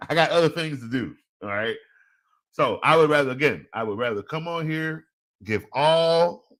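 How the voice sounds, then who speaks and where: A man talks casually as the host of a fantasy football live stream. He jokes and laughs as he goes, using relaxed slang. His pitch sits mid-range for a man. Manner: animated, joking, laughs often, speaks in slang.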